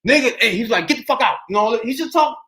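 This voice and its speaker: A man's voice: very high voice, quick pace. A middle-aged man hosting a podcast, telling a story in casual chat and acting out the voices in it. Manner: animated, acts out voices in his story. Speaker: podcast host.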